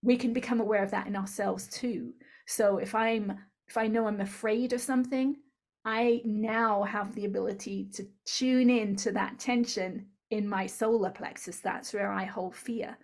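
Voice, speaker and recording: A woman's voice: medium pitch, steady tone, moderate pace, darkish tone. A woman with a mid-range voice speaks as an interview guest, earnest and instructive. She explains step by step and keeps tagging her points with "right?".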